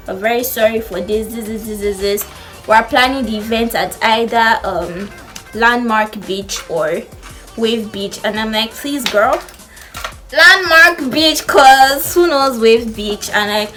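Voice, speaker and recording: A young woman with a Nigerian accent telling a story to camera in an animated way, acting out what people said. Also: medium pitch. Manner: animated storytelling, acts out quotes. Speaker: vlogger. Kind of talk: storytime chat.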